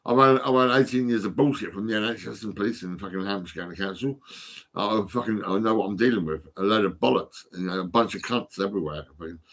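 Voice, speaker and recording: A lowish, bright-edged male voice rants into a phone, repeating words as he stumbles along. He swears constantly and lurches between grumbling under his breath and loud outbursts. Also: fast talker. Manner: heavy swearing, stammering repeats, swings from muttering to outbursts. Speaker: vlogger. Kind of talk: rambling solo rant to camera.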